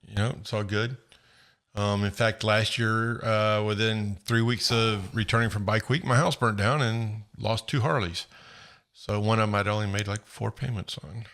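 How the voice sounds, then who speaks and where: A man's voice: on the low side, fairly even intonation, moderate pace, fairly bright tone. A man co-hosting a podcast, telling a rambling story in casual chat and laughing along as he goes. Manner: rambling, laughs at his own stories. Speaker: podcast co-host.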